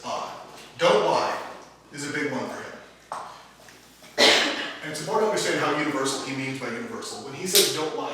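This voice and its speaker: A man's voice: on the high side, pushed and bright, a little hiss or hum. A man giving a chatty, casual classroom talk to a small group. He laughs often and restarts his sentences. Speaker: teacher. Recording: echoey room from a distance.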